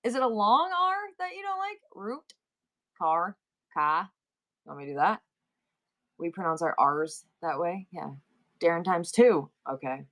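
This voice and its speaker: A woman's voice: lowish voice, very animated, measured pace, long pauses, fairly bright tone. A middle-aged woman with a New York accent, hosting a live selling stream and chatting playfully with her viewers. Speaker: livestream seller.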